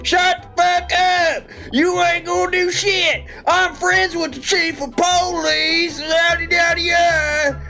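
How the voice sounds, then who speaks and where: A reviewer voicing a hotheaded drunk man who shouts curses and threats, in a dull lo-fi recording with faint music behind. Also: high voice, animated, slow, vocal fry, few pauses, pitched above the performer's own voice, exaggerated voice. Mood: belligerent. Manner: yelling, cursing, belligerent.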